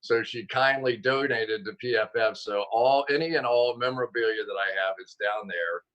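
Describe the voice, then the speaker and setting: A man, a former football player and broadcaster, telling stories as a guest over a video call, animated and self-deprecating, laughing often. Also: mid-range voice, moderate pace, dull audio.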